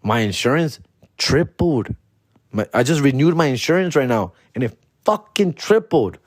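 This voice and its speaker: A man's voice: medium pitch, very animated, normal speed, dry recording, studio quality. A man hosting a comedy podcast, telling a story in profane slang mixed with Spanish words.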